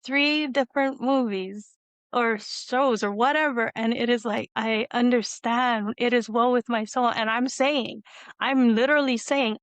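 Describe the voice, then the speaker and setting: A woman with a slightly high, steady voice hosts a video-call interview, taking her time. She recounts a long personal story emotionally, rambling and teary with lots of laughs, and there's no echo.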